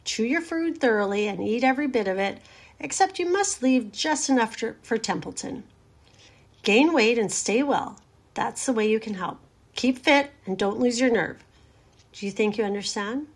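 A woman voicing a calm, wise female spider who talks in a cool, collected, motherly way. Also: a little high, moderate pace, slightly rough. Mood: firm, soothing.

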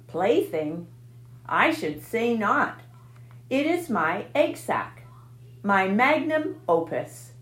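A woman voicing a wise, weary female spider who speaks quietly and gently in a storybook reading. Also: mid-range voice, big pitch swings, slow, reverberant. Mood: gentle. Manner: quiet and gentle, weak-voiced.

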